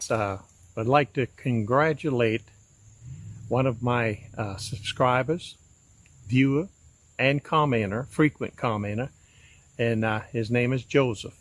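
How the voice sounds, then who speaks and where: A man in his eighties with a folksy, rambling way of talking, giving a casual video shout-out. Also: medium pitch, measured pace, long pauses, no echo. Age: 80s. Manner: folksy, rambling, with frequent fillers. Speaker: backpacking channel host giving a shout-out. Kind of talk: casual recorded video message.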